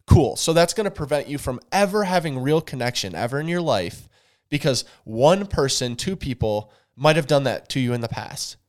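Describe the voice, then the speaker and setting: An earnest man with a drawl talks on a podcast. He speaks at a middle pitch and leans on repeated words for emphasis. His tone is casual but insistent. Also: expressive, moderate pace. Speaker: podcast co-host.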